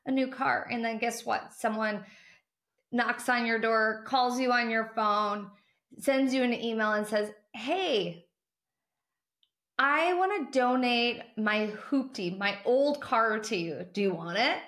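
A woman's voice: on the high side, a bit bright. A woman hosting a motivational podcast, speaking in an upbeat, encouraging way straight to her listeners. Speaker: podcast host. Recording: roomy echo.

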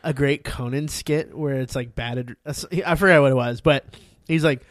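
A man's voice: medium pitch, fairly even intonation, moderate pace, no echo. A man, hosting a casual podcast and rambling through stories with lots of put-on voices. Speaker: podcast host. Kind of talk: casual chat.

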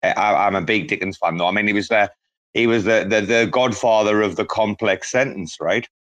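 A man chatting as a guest on a podcast, rambling with lots of restarts and growing excitement. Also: fairly low pitch, a little fast. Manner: rambling and enthusiastic, many restarts. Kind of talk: casual podcast chat.

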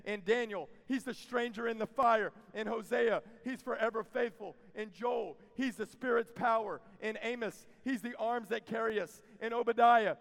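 A man preaching a sermon to a youth camp crowd, moving from quiet teaching to loud, emphatic preaching with folksy asides. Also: very high-pitched, steady tone, normal speed, gravelly, hardly any pauses. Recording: long reverb of a large hall.

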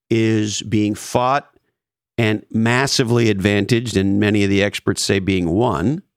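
A man hosting a business discussion, laying out his argument emphatically with deliberate pauses. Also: fairly low pitch, no room sound, studio quality. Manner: emphatic, thesis-driven explaining with pauses. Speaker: host. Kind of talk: conversational business talk.

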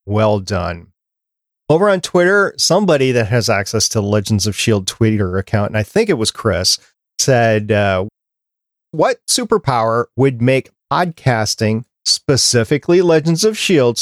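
A man's voice: mid-range voice, dry recording, studio quality. A man hosting a podcast, chatting casually and reading listener feedback aloud. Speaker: podcast host.

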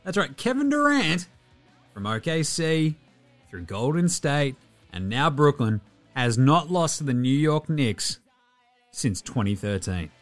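An Australian man hosting a basketball podcast, reeling off numbers with jokes and the odd swear word. His pitch swings around a lot as he talks, with faint music underneath. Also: very animated, a little slow. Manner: jokey, sweary, rattling off stats. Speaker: podcast host. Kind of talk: casual sports podcast chat.

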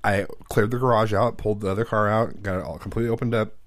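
A man's voice: fairly low pitch, fairly even intonation, fast talker, dry recording. A man co-hosting a casual chat, telling a rambling, profane story and acting out quotes while nursing a headache. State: suffering from a headache. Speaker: podcast co-host and father.

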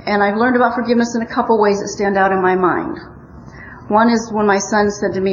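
A woman's voice: medium pitch, steady tone, fairly quick, slight background noise. An older woman from Omaha, Nebraska, giving a personal recovery talk in an earnest, storytelling way with wry humor. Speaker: speaker at a recovery meeting. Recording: muffled roomy recording.

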